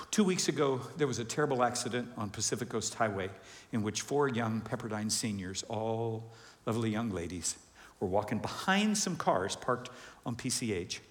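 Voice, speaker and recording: A man preaching a sermon to a congregation, animated, asking questions and acting out voices. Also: lowish voice, normal speed. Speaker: pastor. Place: large church hall with congregation. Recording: long hall reverb.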